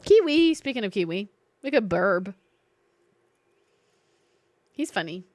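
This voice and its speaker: A woman with a Southern accent talks slowly in an animated, medium-pitched voice as she plays a game on stream. She's playful and chatty, reacting and saying hi to chat, and the recording is dry.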